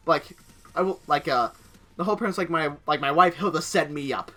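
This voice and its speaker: A man's voice: a little high, brisk, pushed and bright, faint music behind. A young man casually narrating over gameplay, rambling through a story with many filler words. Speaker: gaming channel host.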